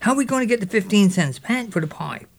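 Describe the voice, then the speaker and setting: Man putting on a little boy, high voice, eager questions. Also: lively intonation, quick pace, creaky, full character voice. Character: curious younger boy asking questions.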